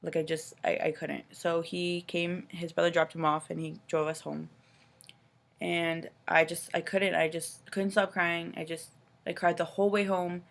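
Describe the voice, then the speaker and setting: A woman's voice: on the low side, level tone, normal speed, vocal fry. A woman from Canada, a new mother, rambling through an upsetting personal story in casual talk full of "like" and "you know". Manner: upset and exasperated retelling.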